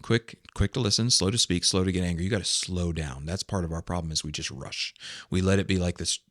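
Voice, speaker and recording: Low-voiced man, earnest pastor talk. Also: fairly quick, no room sound, clean studio sound. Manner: earnest, animated preacher-like emphasis. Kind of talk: casual podcast discussion.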